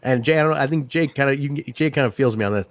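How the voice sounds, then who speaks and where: A man co-hosting a casual chat, talking in an animated way, laughing often and acting out quotes he recalls. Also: mid-range voice, very fast, dry recording. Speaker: podcast co-host.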